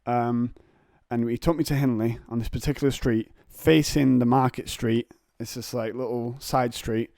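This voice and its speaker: A young man rambles through anecdotes on his solo podcast, slipping into high, mocking voices for the people in his stories. His voice sits at a middling pitch, and the recording is dry and close, with no room sound. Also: fairly even intonation, moderate pace, vocal fry, few pauses, dark tone, no echo. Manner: jokey storytelling, acts out voices of others in high pitch. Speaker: podcast host.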